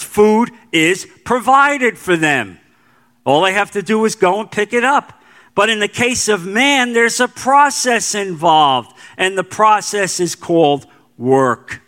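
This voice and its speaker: A middle-aged pastor delivers a sermon in a high, bright voice. He leans on repeated phrases and slows down to stress key lines.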